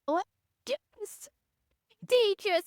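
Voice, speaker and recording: A young woman with a strikingly high voice chats on a podcast. She is blunt and rambling and swears freely. The sound is dry and close, with no room around it. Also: slow, darkish tone, dry recording. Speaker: podcast co-host. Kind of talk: casual chat.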